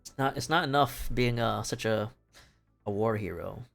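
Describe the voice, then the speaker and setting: A man's voice: on the low side, normal speed, gravelly, a bit bright. A young man streaming, casually retelling a play in a rambling, profane way, laughing often. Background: faint music.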